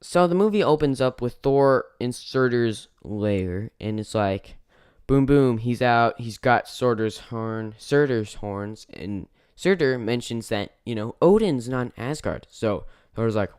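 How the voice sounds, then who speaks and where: A man's voice: mid-range voice, measured pace, a little mellow, smooth, no room sound, clean studio sound. Man rambling through a movie review. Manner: rambling, self-correcting, lots of fillers. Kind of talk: casual spoken movie review.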